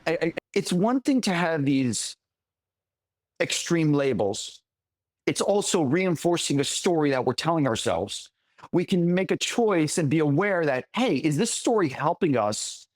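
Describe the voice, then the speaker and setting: A man's voice: fairly high pitch, sing-song, unhurried, no room sound. A man co-hosting a podcast in casual chat, telling a story in a rambling way with restarts. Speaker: podcast co-host.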